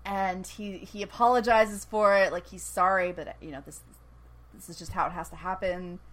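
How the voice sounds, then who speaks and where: A woman in casual podcast chat, retelling a TV episode with animated storytelling, acting out quotes and laughing often. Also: lowish voice, moderate pace, poor audio. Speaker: podcast co-host recapping a TV episode.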